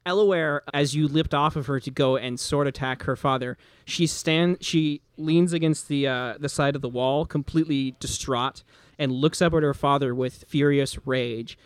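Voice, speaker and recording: A man narrating a tabletop game as game master in an animated, rambling way. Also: on the high side, normal speed, smooth, no echo.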